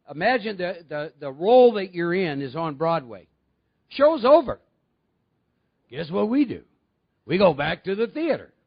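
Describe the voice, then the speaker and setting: A man's voice: high voice, lo-fi sound. A man giving a conversational recovery talk to a meeting, often putting questions to his audience. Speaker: recovery speaker.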